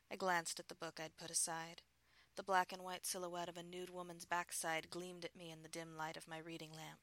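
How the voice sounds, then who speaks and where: Soft-voiced woman reading an intimate story. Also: deep voice, little pitch movement, moderate pace, creaky. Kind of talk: first-person erotic story narration.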